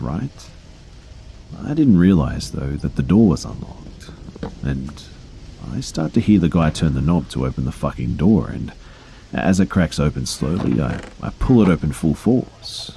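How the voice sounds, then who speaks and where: A man in his thirties narrating creepy true stories in a low-key, conversational way, with casual fillers and profanity. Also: creaky, mellow, slight background noise.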